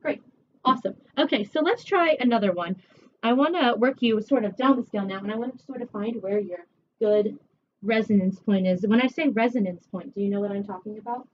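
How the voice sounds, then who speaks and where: A woman voice teacher giving a one-on-one singing lesson, chatty and encouraging, her voice a little rough from a recent cold. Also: medium pitch, fairly quick. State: recovering from a cold. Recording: distant, dull camera audio with faint hiss.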